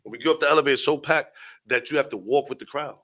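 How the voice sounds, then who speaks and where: A man's voice: mid-range voice, rapid-fire, bright, forceful tone, rough recording. A young man from Brooklyn with a New York accent, a rapper telling a long, profane story as a guest and acting out the other people in it. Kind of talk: animated storytelling.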